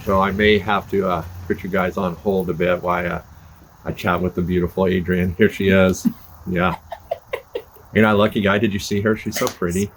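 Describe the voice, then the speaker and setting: Out on his front porch by a fire, an older man who hosts a podcast talks casually to camera, rambling along in a folksy, self-deprecating style. His voice sits low, with a level tone and a moderate pace. Fire crackling and passing cars can be heard behind him.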